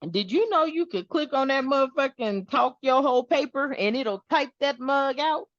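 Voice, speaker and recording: A woman hosting a spiritual channel, talking casually to her viewers in an animated, rambling way and swearing freely. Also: high voice, normal speed, dry recording, lo-fi sound.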